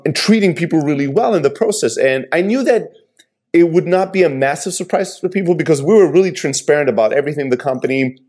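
A man's voice: on the high side, animated, fast, a little mellow. A man and entrepreneur sharing hard moments of his career in an earnest, reflective conversational way.

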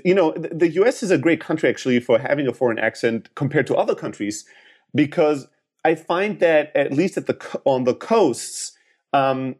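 A man's voice: medium pitch, darkish tone. Man giving earnest startup sales advice. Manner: earnest, explanatory, long winding answers. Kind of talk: podcast interview advice.

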